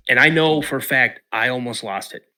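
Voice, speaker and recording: A man from the Pacific Northwest of the US, a podcast guest telling a personal story in an emotional, halting way. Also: medium pitch, pushed and bright, clean tone. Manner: emotional, halting retelling with restarts.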